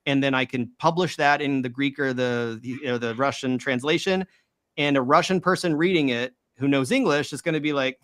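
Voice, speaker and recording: A man's voice: medium pitch, fast talker, fairly bright tone, no room sound. A man in a casual discussion who explains language questions in an earnest, step-by-step way. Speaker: guest who reads ancient languages.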